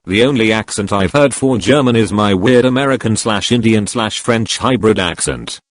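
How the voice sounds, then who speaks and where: A man narrating, reading out online comments one after another. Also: lowish voice. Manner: reads each comment in quick succession.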